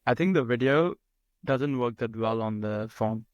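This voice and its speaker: Co-founder guy explaining stuff plainly, mid pitch voice, dry close mic. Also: unhurried, no room sound. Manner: practical, explaining. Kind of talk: casual podcast chat.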